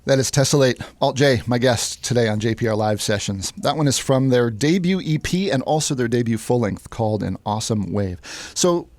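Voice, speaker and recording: Male radio host, mid pitch, dry studio sound, measured interviewer. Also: lively intonation, darkish tone, no room sound.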